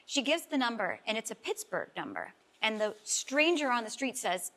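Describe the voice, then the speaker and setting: A woman's voice: on the high side, big pitch swings, moderate pace, sharp tone. A middle-aged woman, a life coach guest, telling an emotional personal story in a talk-show interview, earnest and heartfelt and close to tears at times.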